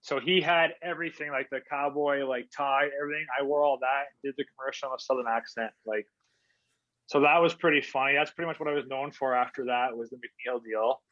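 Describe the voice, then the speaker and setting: A man's voice: mid-range voice, fairly even intonation, fairly quick, fairly bright tone, no room sound. A man, a former hockey player, telling stories in a casual interview, laid-back and rambling with lots of fillers. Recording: dull lo-fi remote audio.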